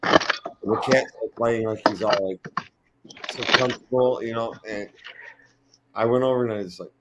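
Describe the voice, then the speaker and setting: A man's voice: on the low side, steady tone, moderate pace, heavy background noise. A middle-aged man hosting a casual live stream, telling rambling stories in a blunt, profane way. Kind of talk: casual chat.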